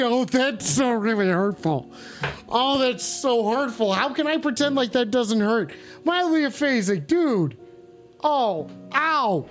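A man hosting a comedy call-in show, with crude, mock-sincere, rambling banter. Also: high voice.

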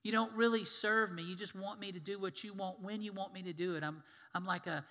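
A man's voice: high voice, steady tone, fairly quick, bright, forceful tone. A man voicing a stern, frustrated male God who scolds his people for their lack of trust. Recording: long hall reverb.

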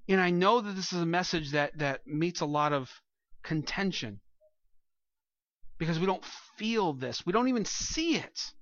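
A man's voice: high voice, lively intonation, unhurried, pauses often, no room sound, lo-fi sound. A man preaching a sermon as pastor, earnest and rising to emphatic peaks, speaking to a congregation in a church room.

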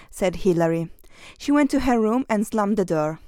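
A woman reading a children's story aloud, doing lively voices for the characters. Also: mid-range voice, normal speed, few pauses, a little hiss or hum. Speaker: story reader.

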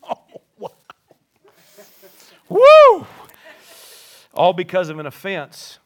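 A man preaching a sermon in an animated, playful way, swinging from soft asides to shouting. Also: high voice, measured pace, highs cut off. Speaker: pastor.

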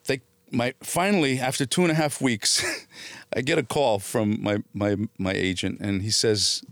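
A man, a guest on a podcast, tells his stories with energy and acts out the other people's lines. His voice sits at a middle pitch, recorded close and dry on a podcast mic. He swears casually as he talks. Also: moderate pace, vocal fry, no room sound. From born in Italy, raised in New Jersey. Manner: animated storyteller, acts out quoted voices, swears freely. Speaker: guest actor. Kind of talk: storytelling in a podcast interview.

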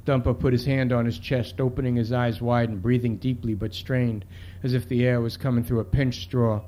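Brief: male author reading his novel, steady mid-pitched voice. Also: normal speed, a little hiss or hum.

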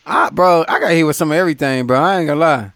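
A man's voice: a little high, fast, fairly bright tone, no echo. A man chatting casually in a laid-back way, often agreeing, using profane slang. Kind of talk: casual podcast chat.

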